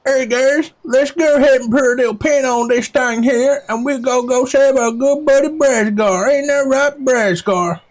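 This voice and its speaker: A man voicing a chummy adventurer with a put-on Texan drawl, speaking in a folksy, hushed, conspiratorial aside. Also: very high voice, normal speed, few pauses, voice pushed up, rough recording.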